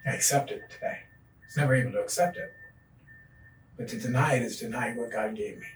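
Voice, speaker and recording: A middle-aged man, a podcast guest, telling his recovery story in an earnest, animated way. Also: medium pitch, fairly quick, far from the mic, a little hiss or hum. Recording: echoey room, voice off-mic.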